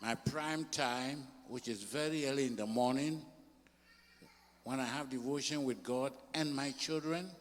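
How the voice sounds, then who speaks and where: An older man with a Ghanaian accent, preaching a sermon as a pastor in a church, mixing English and Twi in slow, emphatic phrases. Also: mid-range voice. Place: large church hall. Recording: long reverb of a church hall.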